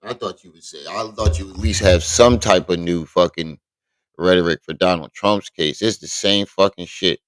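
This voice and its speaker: A man's voice: low voice, normal speed, no room sound. A man hosting a live stream, reacting bluntly and with exasperation, swearing often.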